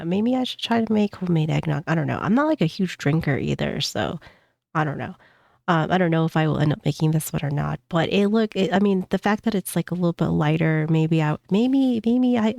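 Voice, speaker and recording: A woman's voice: lowish voice, gravelly, darkish tone, no room sound, clean studio sound. A woman streamer giving casual reaction commentary with a congested, stuffed-up voice, rambling with many fillers. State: congested from a cold.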